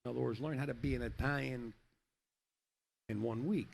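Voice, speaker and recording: A man's voice: mid-range voice, fairly even intonation, moderate pace, vocal fry, a little hiss or hum. A middle-aged man commentating a pool match in a rambling, chatty way, telling jokes between shots. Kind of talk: casual play-by-play with joke telling.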